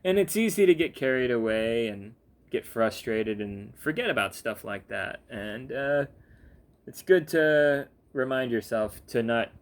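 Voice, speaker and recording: A young man, sleepy, ranting casually with lots of fillers, restarts and swearing. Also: mid-range voice. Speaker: gaming vlogger. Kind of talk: casual rambling rant.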